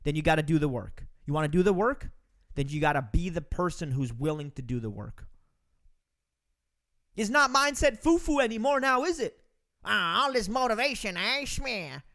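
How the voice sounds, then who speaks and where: A man from Romania hosts his own podcast, delivering an emphatic, preachy motivational monologue and calling his listeners folks. His voice sits high for a man, and his pitch leaps and dips with every point he hammers home. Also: very animated, normal speed, a bit bright. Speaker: podcast host.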